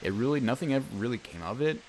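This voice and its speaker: A young man with a deep voice, chatting casually over a let's-play and telling a story, rambling with many fillers and restarts. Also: lively intonation, quick pace. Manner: rambling, self-interrupting, lots of fillers and restarts. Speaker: gaming YouTuber. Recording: faint background game music.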